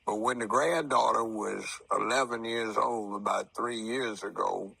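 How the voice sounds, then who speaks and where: A man in his seventies speaks with a deeply gravelly, husky voice and a bright edge. He takes his time, choosing formal words as he tells a story. The sound is dry and close. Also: no room sound, low-quality recording. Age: 70s. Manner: slow, deliberate storytelling with formal word choices. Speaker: retired TV judge giving his views. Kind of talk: interview talk.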